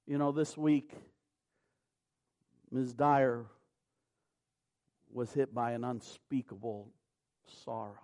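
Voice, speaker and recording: A man preaching a sermon, moving from quiet, slow scripture reading to loud, impassioned preaching. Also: medium pitch. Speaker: pastor.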